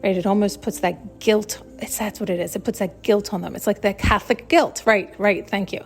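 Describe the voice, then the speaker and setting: Woman, solo podcast host, searching and emphatic, mid-pitched voice, faint music behind. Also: fairly even intonation, brisk. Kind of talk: solo spiritual podcast monologue.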